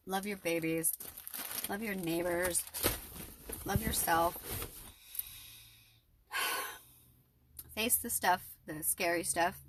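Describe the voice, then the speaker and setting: A woman's voice: lowish voice, slight background noise. A middle-aged woman talking to her viewers in an emotional, rambling personal vlog with a spiritual bent. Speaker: vlogger.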